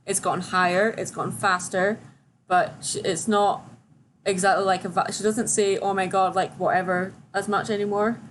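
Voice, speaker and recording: A woman's voice: medium pitch, steady tone, normal speed, a little hiss or hum. A young woman hosting a casual livestream, chatting and reading viewer questions aloud. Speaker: livestream host.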